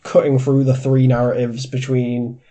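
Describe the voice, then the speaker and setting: A man with a blocked, congested voice hosts a casual film-review podcast. His tone is dark and mellow, and he talks hesitantly, restarting his sentences with plenty of fillers. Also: medium pitch, monotone, normal speed, poor audio. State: stuffy and congested from a cold. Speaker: podcast host.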